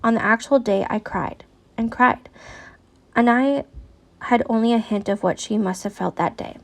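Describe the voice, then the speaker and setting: Woman reading aloud with vocal fry. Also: a little high, normal speed. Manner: earnest, stops to react candidly. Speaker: adoptee reading a book aloud. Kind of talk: reading letters aloud with personal commentary.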